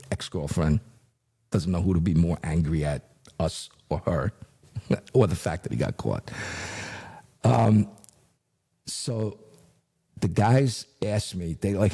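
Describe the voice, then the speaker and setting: A middle-aged man, a retired investigator, telling a story in casual talk, animated and full of fillers, acting out what others said. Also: deep voice, slightly rough. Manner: animated, acts out quotes, frequent fillers.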